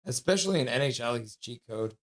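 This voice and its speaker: A young man hosting a live stream, casually chatting and reading viewer comments aloud with quick asides. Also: medium pitch, expressive. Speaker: livestream host reading chat. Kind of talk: casual live reaction chat.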